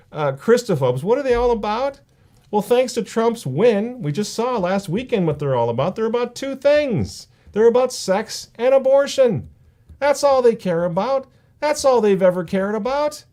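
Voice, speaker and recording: A man's voice: high-pitched, a little mellow. A man hosting a political commentary show, speaking in an emphatic, sarcastic and indignant way. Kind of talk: opinion commentary.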